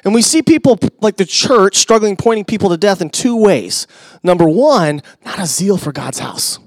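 A middle-aged male pastor preaching a sermon, conversational with asides to the congregation, swinging from loud emphasis to hushed near-whispers. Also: high-pitched, dry recording.

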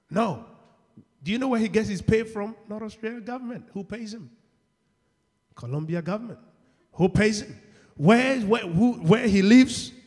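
A man preaching a sermon, asking the congregation questions and shouting at key points, acting out the people in his stories. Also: high-pitched. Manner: call-and-response questions, shouts at peaks; acts out quoted people in dialogue. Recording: long hall reverb.

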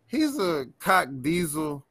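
A man guest on a podcast, telling tour stories in a casual, animated and profane way, laughing often. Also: on the high side, slow pace, husky, no echo. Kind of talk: casual storytelling chat.

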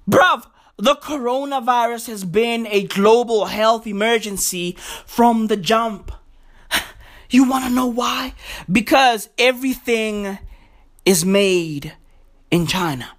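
A man with a notably high voice rants in a slow, drawn-out comedic tirade. He swears freely, throws in slang constantly and jumps from low mutters to loud shouts. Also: expressive. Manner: shouting, swinging pitch wildly, heavy slang. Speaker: vlogger. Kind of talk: profane comedic rant. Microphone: home recording setup.

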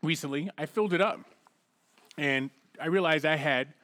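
A man's voice: on the high side, moderate pace, fairly bright tone. A man telling long, profane stories in casual chat as a podcast co-host, putting on mocking voices when quoting people. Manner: profane, rambling storyteller.

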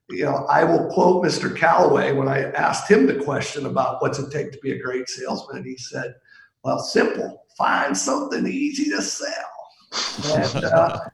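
A middle-aged man from Pittsburgh, a sales executive guest, telling golf stories in a relaxed, anecdotal way with lots of fillers. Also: on the high side, vocal fry, roomy sound, low-quality recording. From Pittsburgh, USA. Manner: warm anecdotal, chuckles, trails off with fillers. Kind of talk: casual storytelling.

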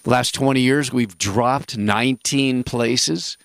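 A man's voice: medium pitch, slow, creaky, dry recording. A man hosting a radio health call-in show, talking casually in a rambling, jokey way with emphatic asides.

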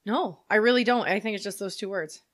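A woman's voice: mid-range voice, fairly quick. Joking woman. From Western New York. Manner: blunt, joking, swears freely. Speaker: podcast co-host. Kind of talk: casual comedic chat.

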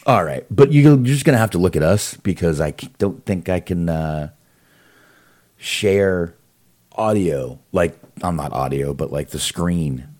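A man with a deep, low voice co-hosts a podcast over a video call. He talks loosely and profanely, wanders between thoughts and fills the gaps with "um" and "uh.". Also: animated, a little slow, a little mellow. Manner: loose and profane, rambling with fillers. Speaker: podcast co-host. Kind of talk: casual chat.

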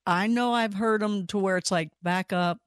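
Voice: mid-range voice, no echo. Chatty podcast host, dry close sound. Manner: chatty, agreeable, quick to laugh. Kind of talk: casual interview chat.

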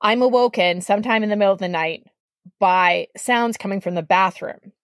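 A woman from Canada, a podcast guest, telling a story in a casual, animated way, acting out the voices she quotes and saying "like" a lot. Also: medium pitch, moderate pace, no echo, studio quality. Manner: animated, acts out quoted voices, heavy use of "like".

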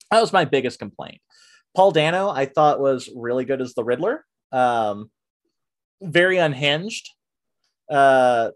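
A man hosting a casual podcast, reviewing a film with lots of fillers and restarts, and breaking into animated rants. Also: on the high side. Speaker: podcast host. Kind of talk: casual movie review chat.

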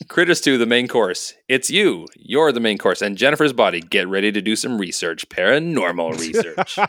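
A man's voice: medium pitch, sing-song, measured pace, a bit bright, dry recording, clean studio sound. A man hosting a casual podcast, steering the talk and calling on each co-host in turn. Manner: runs the segments, asks each co-host in turn. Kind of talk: casual chat.

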